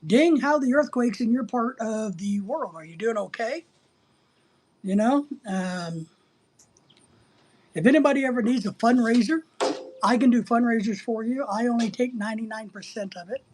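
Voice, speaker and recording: A man's voice: high voice, normal speed, darkish tone. A middle-aged man hosting a casual livestream, reading out chat and rambling in a crude, joking way.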